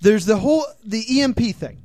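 Animated, high-pitched ranting man. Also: brisk, no echo, studio quality. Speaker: podcast host. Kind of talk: comedic chat, live podcast. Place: small comedy venue, live show.

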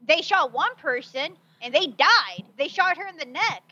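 A woman co-hosting a casual podcast chat, quick and emphatic with a sarcastic edge. Her voice is high and bright. The sound is dry but dull and lo-fi, as if it comes over an online call. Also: expressive, no room sound. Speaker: podcast co-host.

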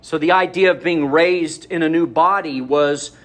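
A male pastor preaches with a relaxed storyteller's delivery, sitting a little high for a man. He turns to the congregation with casual asides and questions as he works into his point. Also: moderate pace. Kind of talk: sermon.

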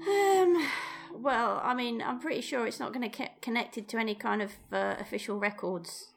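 A woman's voice: a little high, normal speed, gravelly, faint music behind. A woman playing in a tabletop game, chatty and wry. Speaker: player. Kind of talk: casual tabletop role-play.

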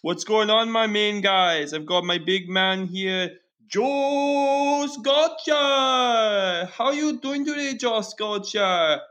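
A man's voice: sits high, steady tone, voice pushed up. A man putting on a goofy, over-hyped podcast host voice in a mock foreign accent for a comedic intro. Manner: exaggerated, loud, drawn-out hype.

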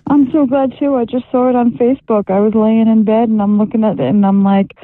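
A woman with a deep voice calling into a radio show, eager and excited, heard over a phone line. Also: brisk, no room sound. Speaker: radio caller, fan. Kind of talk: call-in phone conversation.

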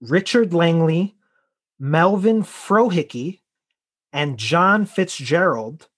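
A man co-hosts a casual comedy podcast, wandering through his points with plenty of fillers and quick laughs. His voice sits a little high for a man. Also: animated, a bit bright, husky. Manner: rambling, lots of likes and laughs. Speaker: podcast co-host.

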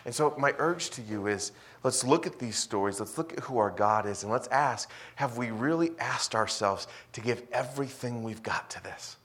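A male pastor preaching a sermon, swinging between loud emphasis and quiet asides. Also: mid-range voice, normal speed, hardly any pauses.

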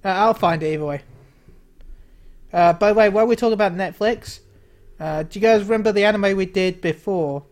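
A man's voice: sits high, fairly quick, pauses often, darkish tone. A man co-hosting a casual podcast chat, hesitant, with many fillers. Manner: hesitant, lots of uh and um. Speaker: podcast co-host.

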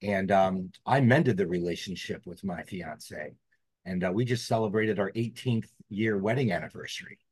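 A man speaks on a podcast in a fairly low voice, earnest and reflective as he recounts his past. The sound is dry and close, with little room around it. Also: normal speed, darkish tone, husky, dry recording. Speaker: podcast guest. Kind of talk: storytelling interview.

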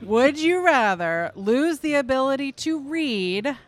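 A woman's voice: sits high, lively intonation, slow. A bubbly woman hosting a loose, joking podcast with friends. She laughs easily and talks at an easy conversational clip. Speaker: podcast host. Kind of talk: casual chat.

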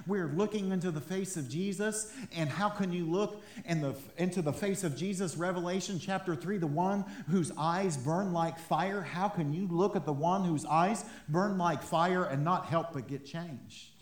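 A man with a high voice preaches a sermon in a conversational way, often chuckling between points. The sound of the church room rings around him. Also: normal speed, few pauses, echoey room. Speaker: pastor.

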